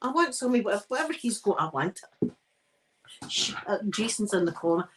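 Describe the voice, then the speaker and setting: A Scottish ASMR livestream host talks fast in a sing-song, medium-pitched voice while ironing. She's tired and yawning, rambling casually and poking fun at herself. The audio is poor, with slight background noise.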